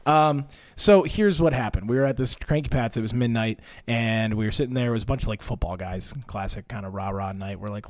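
A young man with a middle-pitched voice hosts a podcast. He tells a comic story in a loose, rambling way, often poking fun at himself. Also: brisk, few pauses. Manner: rambling, self-mocking. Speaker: podcast host.

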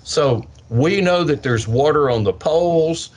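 An older man, a science educator, answering interview questions with lively storytelling and acted-out kids' voices. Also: fairly high pitch, unhurried, slight background noise. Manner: animated, acts out kids' voices. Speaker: science educator with a portable planetarium.

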